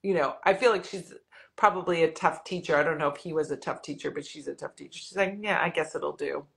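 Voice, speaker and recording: Woman podcast host and author, low-pitched, upbeat and affirming, laughs easily. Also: fast, gravelly. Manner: enthusiastic and affirming, laughs often. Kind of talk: casual interview conversation.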